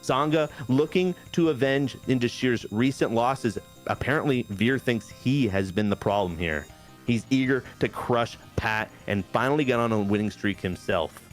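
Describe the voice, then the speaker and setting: A man hosts a playthrough with casual, hyped commentary at a middling pitch. He keeps it playful and chatty over faint background music. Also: moderate pace. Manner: hyped, playful, says "baby" a lot. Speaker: host.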